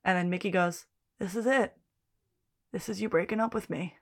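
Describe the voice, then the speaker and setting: A woman's voice: medium pitch, normal speed. A woman co-hosting a podcast, talking casually through a TV episode. She reads scene dialogue aloud and swears freely as she goes. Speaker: podcast co-host. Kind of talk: casual chat recapping a TV episode.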